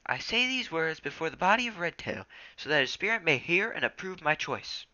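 A young man voicing a solemn, hushed female clan leader cat in a storybook reading. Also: low voice, very animated, a little fast, dull audio, pitched above the performer's own voice, heavily acted.

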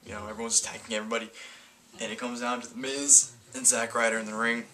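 A man's voice: mid-range voice, level tone, fast, sharp tone, a little hiss or hum. A man casually reviewing a wrestling event in a video, rambling and often correcting himself mid-sentence. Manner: rambling, stumbling, self-correcting.

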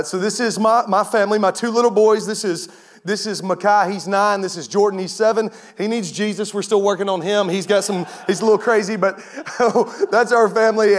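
A man in his thirties, a guest pastor, preaching a sermon with lively storytelling and bursts of laughter. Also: on the high side.

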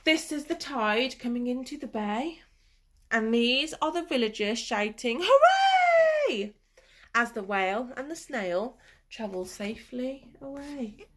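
Woman, storybook reading, high voice, slow and unhurried, sing-song, asks the children questions, slips into whispers. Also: fairly bright tone, a little hiss or hum.

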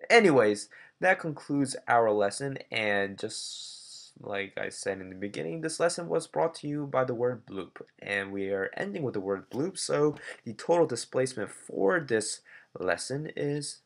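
A man's voice: mid-range voice, animated, unhurried, gravelly. Playful male physics teacher. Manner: playful, jokey asides. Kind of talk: classroom lesson.

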